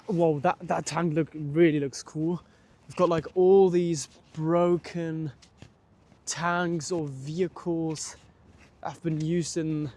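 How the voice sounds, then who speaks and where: A man's voice: a little high, darkish tone. A young man vlogging outdoors as he walks, rambling casually with many restarts and fillers. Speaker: travel vlogger. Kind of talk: walking vlog commentary. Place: outdoors at a large war memorial park.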